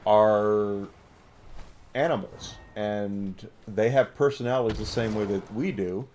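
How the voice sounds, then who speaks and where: Man, low voice, casual rambling gameplay chatter, noisy game sound behind. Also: fairly even intonation, slow, darkish tone. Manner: rambling, chatty, filler-heavy. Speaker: gamer.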